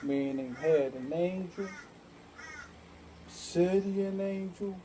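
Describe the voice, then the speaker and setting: A woman's voice: fairly low pitch, slow, warm tone, a little hiss or hum, low-quality recording. A woman talking in a rambling, repetitive monologue full of street slang and chant-like repeats.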